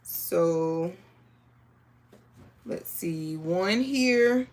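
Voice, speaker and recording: A woman's voice: fairly low pitch, lively intonation, drawn-out words, a little mellow. A woman hosting a live sewing stream, chatting casually with viewers and reading the chat aloud. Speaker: crafting livestream host.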